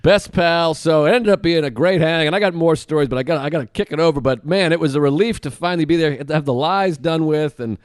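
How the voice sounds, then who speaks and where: A man on a podcast telling a story in casual chat, animated and excitable. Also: a little high, quick pace, few pauses, smooth, no echo, clean studio sound. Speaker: podcast co-host.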